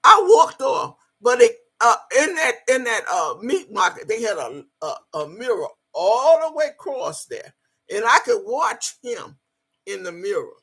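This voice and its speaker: A woman with a bright, gravelly voice tells a story from her own life, swinging up and down in pitch as she goes. Her tone is a little husky, and her talk is blunt and salty, with plenty of swearing. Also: unhurried. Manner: animated, profane, swears freely. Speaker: vlogger telling a personal story. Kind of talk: casual storytelling.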